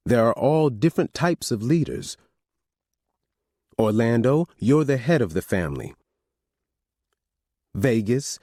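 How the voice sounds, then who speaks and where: A man reading an audiobook, voicing an older mother who calmly and firmly lays down the law to her grown children. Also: medium pitch, no room sound, clean studio sound, pitched above the performer's own voice. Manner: firm, commanding, calm. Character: stern family matriarch, older woman.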